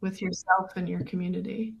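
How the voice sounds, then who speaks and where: A woman's voice: lowish voice, completely flat delivery, fairly quick, creaky, husky, dull audio. A woman documentary filmmaker being interviewed on radio, talking thoughtfully with many fillers and restarts.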